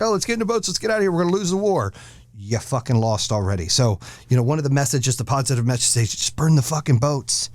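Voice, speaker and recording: Foul-mouthed ranting podcast host, dry sound. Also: male voice, mid-range voice, darkish tone, dry recording. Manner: blunt, aggressive, swears constantly. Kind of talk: profane ranting monologue.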